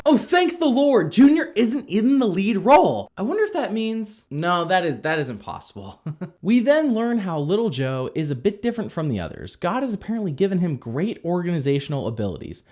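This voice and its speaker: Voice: mid-range voice, very animated, fairly quick, darkish tone. A reviewer giving a comedic, wry rundown of a cartoon episode. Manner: wry, sarcastic commentary. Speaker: video reviewer.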